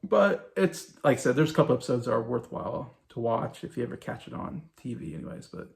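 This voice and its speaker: A man's voice: medium pitch, lively intonation, quick pace, gravelly. A man around forty giving a casual, rambling review of a TV show, full of fillers and little chuckles. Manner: rambling, loose retelling with many fillers and chuckles.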